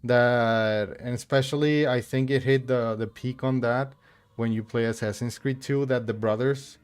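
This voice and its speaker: A man's voice: mid-range voice, steady tone, normal speed, smooth, soft background music. A man from Mexico chatting casually while streaming a game, rambling with many fillers and restarts. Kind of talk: casual chat while gaming.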